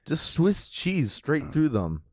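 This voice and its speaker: A man co-hosting a podcast, casually chatting and retelling a comic with lots of swearing and excitement. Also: fairly high pitch, slow pace, no echo, clean studio sound. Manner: profane, animated retelling of a comic. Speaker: podcast co-host. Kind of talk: casual chat.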